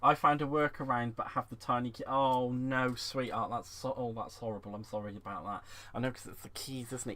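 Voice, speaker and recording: A man hosting a live crafting stream at home, chatting to viewers. He is bubbly and excitable, giggles often and uses fond terms like "sweetheart" as he works at a desk mic. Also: medium pitch, a little fast, slight background noise. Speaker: crafting livestream host. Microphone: desk microphone.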